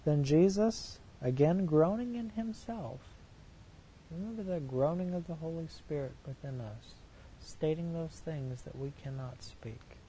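A man's voice: fairly high pitch, warm tone, husky, rough recording. A man preaching a sermon, reading scripture verses aloud and commenting on them with rhetorical questions in an earnest, emphatic way.

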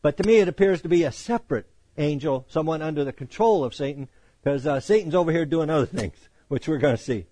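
A man's voice: a little high, lively intonation, fast talker, warm tone, breathy edge, no room sound. A man teaching verse by verse through the Bible, reading scripture aloud and then explaining it in a conversational way with joking asides.

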